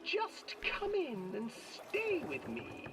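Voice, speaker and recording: A man voicing a wheedling, cruel old witch in a high, drawn-out falsetto, over game music. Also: sing-song, vocal fry, exaggerated voice. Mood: coaxing. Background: eerie game music.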